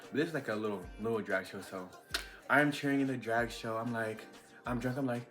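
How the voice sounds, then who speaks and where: A young man telling a casual storytime vlog, chatty and animated with lots of fillers. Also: mid-range voice, quick pace, soft background music. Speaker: vlogger.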